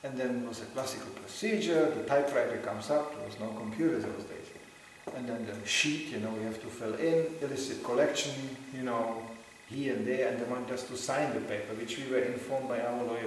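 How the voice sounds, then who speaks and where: A man giving a religious talk, telling anecdotes with lively storytelling and acting out the voices of people he quotes. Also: mid-range voice, brisk, slight background noise. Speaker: devotional speaker. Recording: very echoey hall, mic far off.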